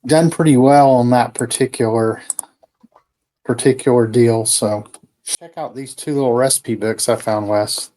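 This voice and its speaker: A man chats on a podcast in a folksy, easygoing way. He reads from old books and drops dry little asides. His pitch sits in a plain middle range. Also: fairly even intonation, a little slow, warm tone. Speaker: podcast co-host. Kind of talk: casual chat.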